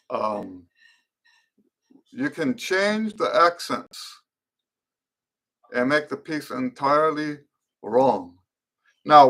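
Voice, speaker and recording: Fillers and restarts mark the thoughtful, unhurried explanations of a middle-aged man teaching trumpet players in a live-stream Q and A. His voice leans high, with a fairly bright tone.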